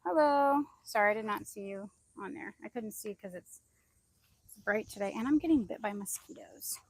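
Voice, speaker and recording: A woman chatting casually on a phone live stream while walking through her backyard garden, rambling loosely and calling out high to her chickens. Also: a little fast, slightly rough, dry recording. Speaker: vlogger. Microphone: phone held in hand.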